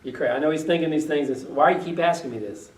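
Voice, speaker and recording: A man's voice: a little high, fast talker, darkish tone. A male pastor preaching a conversational sermon, reading old-style scripture aloud and then retelling it in everyday words while asking the congregation questions. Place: church sanctuary. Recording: echoey room, voice from a distance.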